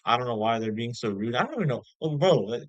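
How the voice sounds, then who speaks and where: A man's voice: mid-range voice, animated, fast, no echo, dull audio. A man giving a casual spoken movie review, rambling and slangy, full of fillers like "bro".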